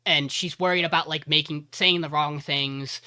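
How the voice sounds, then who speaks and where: A man co-hosting a podcast, retelling an anime episode in a rambling, animated way with many fillers. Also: on the high side, normal speed. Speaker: podcast co-host. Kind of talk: casual anime recap.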